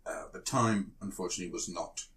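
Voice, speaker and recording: A man's voice: deep voice, brisk, a bit bright. A man from South Africa co-hosting a podcast in casual chat, rambling and hesitant with many fillers. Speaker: podcast co-host, storyteller.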